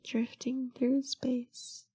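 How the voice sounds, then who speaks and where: A woman streamer talking casually and musingly while playing a story game, trailing off softly. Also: high voice, very animated, very slow, husky.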